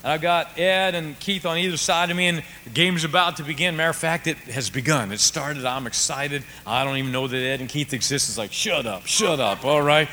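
A man preaching a sermon, telling a story with swings from hushed to shouting. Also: a little high, brisk, few pauses, slight background noise. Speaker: pastor. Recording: reverberant hall with faint ambience.

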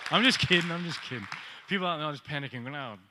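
A man's voice: a little high, quick pace, crowd noise, noisy background. A man preaching a sermon as pastor, joking with the congregation and asking them questions. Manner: joking, animated preaching with audience call-outs.

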